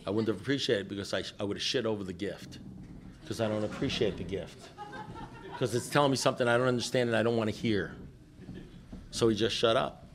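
A man's voice: on the low side, fast talker, long pauses, noisy background. A middle-aged man speaking at a recovery meeting, telling stories in a joking, blunt and profane way, often restarting his sentences. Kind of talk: storytelling talk to a meeting.

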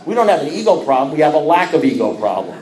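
Animated self-mocking male storyteller, echoey room. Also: on the high side, quick pace. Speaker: speaker sharing his recovery story. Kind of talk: personal testimony to a group.

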